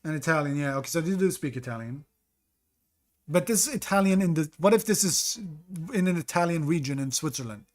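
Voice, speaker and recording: A man's voice: on the high side, expressive, fairly quick, darkish tone. A man streaming a map-guessing game, thinking aloud and greeting viewers in chat between guesses. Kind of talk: casual live-stream commentary.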